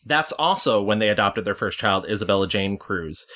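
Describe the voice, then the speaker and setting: A man's voice: on the low side, expressive, moderate pace, pushed and bright. A man chatting casually on a film podcast, walking through an actor's career year by year. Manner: chatty, recounting career facts. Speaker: podcast co-host.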